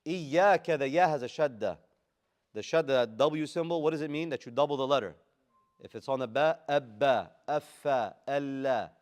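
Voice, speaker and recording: A man's voice: mid-range voice, brisk, darkish tone. A man teaching a class how to recite the Quran, moving between chanted Arabic verses and casual, slangy English explanations. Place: classroom with students present.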